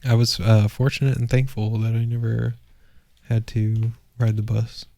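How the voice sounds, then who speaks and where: A man's voice: medium pitch, flat delivery, normal speed, creaky, warm tone, no room sound. A man co-hosting a podcast in laid-back casual chat, calling his friend bud. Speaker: podcast co-host.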